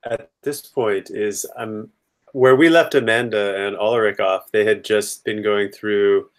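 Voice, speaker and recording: A man's voice: lowish voice, steady tone, a little slow. A man playing a tabletop role-playing game, talking in a loose, rambling way. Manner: rambling, lots of fillers and restarts. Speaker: player. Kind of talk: casual tabletop role-play chat.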